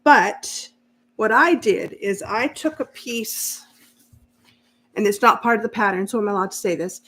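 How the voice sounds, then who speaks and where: A woman's voice: mid-range voice, lively intonation, unhurried, a bit bright, slight background noise. A woman hosting a casual live sewing stream, chatting and laughing easily as she answers viewer comments while she works. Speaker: sewing channel host.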